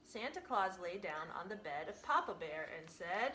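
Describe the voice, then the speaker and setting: Animated woman reading a storybook. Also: on the low side, moderate pace, reverberant, a little hiss or hum, low-quality recording. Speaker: teacher. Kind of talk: reading a picture book aloud.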